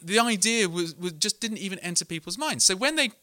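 A man's voice: high-pitched, expressive, a little fast, sharp tone, no echo. Earnest man reading from his book. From England. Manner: earnest, candid, self-deprecating, with restarts. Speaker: author giving a book talk. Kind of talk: live talk and book reading to an audience.

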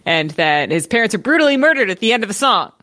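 A woman's voice: medium pitch, sing-song, fast, fairly bright tone, dry recording. A woman riffs through an invented musical plot, playful and rambling, tripping over fillers as she goes. Her voice sounds dry and close, with no room around it. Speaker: comedy improviser pitching a musical. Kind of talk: improvised comedic pitch.

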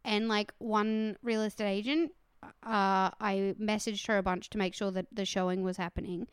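A woman chatting casually as a podcast co-host, telling anecdotes with lively, indignant retellings. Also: mid-range voice, normal speed, smooth, no echo, studio quality. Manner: animated storytelling, voices her own anger loudly. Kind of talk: casual chat.

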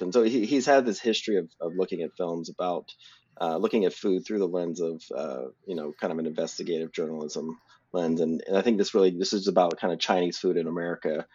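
A deep, husky-voiced man co-hosting a podcast and talking about films. He rambles, circling back with fillers and restarts. The audio is slightly dull and lo-fi. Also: mellow. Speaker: podcast co-host. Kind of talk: casual film discussion.

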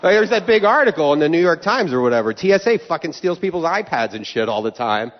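A male comedian telling a profane, ranting story on a live podcast, building up to shouts. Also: a little high, very animated, quick pace. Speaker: comedian guest. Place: live venue stage. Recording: dull live stage audio with long reverb.

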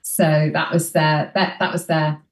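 A woman, an interview guest, recounting her experience in a measured, hesitant way. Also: sits low, little pitch movement. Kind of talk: casual interview chat. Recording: echoey, distant mic.

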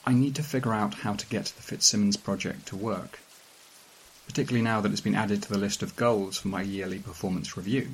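A man reading a strange first-person story aloud in a calm, dry, measured way. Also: lowish voice, a little hiss or hum, low-quality recording. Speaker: narrator. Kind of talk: scripted narration of a weird fiction story.

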